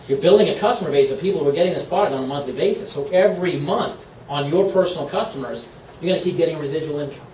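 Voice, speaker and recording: Upbeat man pitching in an echoey room. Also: a little mellow, recorded from a distance, slight background noise. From Maine, USA. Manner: upbeat, persuasive, laughs often. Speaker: presenter at a sales meeting. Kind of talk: sales pitch to a live room. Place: meeting room.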